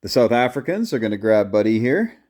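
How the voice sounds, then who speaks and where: A man's voice: medium pitch, big pitch swings, fairly quick, darkish tone. A man casually narrating his turn in a board game, counting out his moves aloud as he plays.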